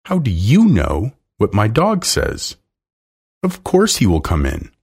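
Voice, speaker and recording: A man voicing a fussy, anxious woman who frets over her dog, shrill and scolding. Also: wildly swooping pitch, slow, a little mellow, slightly rough, exaggerated voice. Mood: distressed.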